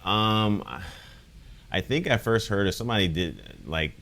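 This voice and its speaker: A man's voice: fairly low pitch, very animated, normal speed, gravelly, fairly bright tone, a little hiss or hum. A man coaching a soccer team, chatting in a laid-back way with lots of fillers. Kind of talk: casual podcast chat.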